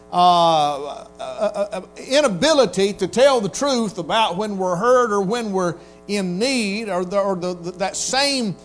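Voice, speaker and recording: A man delivers a sermon in a homespun, storytelling manner. His voice sits high, and he slips into little voices to act out what people say. A faint organ-like music bed and a mains hum run underneath. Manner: folksy Southern preacher, acts out quotes in voices. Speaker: pastor.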